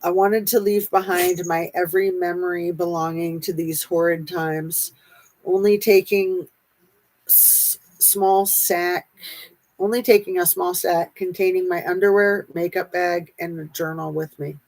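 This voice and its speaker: A woman reads a memoir aloud at a slow, deliberate pace. Her voice sits a little low. She keeps a steady, unhurried reading manner with small pauses. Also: rough recording.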